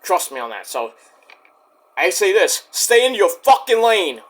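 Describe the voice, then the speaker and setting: A man recapping a wrestling show in a casual, excitable rant, swearing often. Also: high-pitched, a little slow. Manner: excitable, profane, storytelling rant.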